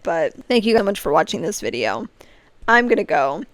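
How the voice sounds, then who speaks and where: A woman in her late twenties talks straight to camera in a casual vlog, mid-pitched and rambling, restarting sentences as she vents her frustration. The sound is close and dry, with no room around her. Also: sing-song, moderate pace, no room sound. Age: late 20s. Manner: frank, rambling, restarts often, frustrated about social media. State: on the verge of tears. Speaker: vlogger.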